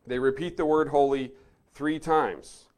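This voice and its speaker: Guy teaching a bible lesson, earnest, leans hard on key words then goes quiet and thoughtful. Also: a little high, fairly even intonation, measured pace. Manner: earnest, emphatic on key words, drops soft for reflection.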